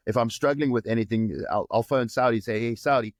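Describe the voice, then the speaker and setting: A man's voice: medium pitch, a little fast, no echo, clean studio sound. A South African man speaking as a guest actor in a casual interview, often hesitating and restarting his words.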